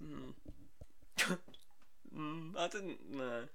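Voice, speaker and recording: A man's voice: fairly high pitch, animated, drawn-out words, creaky, bright, forceful tone. A man co-hosting a comedy podcast, bantering in casual chat and giggling with mock exasperation. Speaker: podcast co-host and editor.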